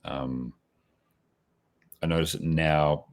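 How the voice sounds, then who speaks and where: Forties Australian male guest, extremely deep voice, reflective and conversational. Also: steady tone, takes it slowly. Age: 40s. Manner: reflective, with many restarts and tag questions. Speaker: podcast guest. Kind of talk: casual interview answers.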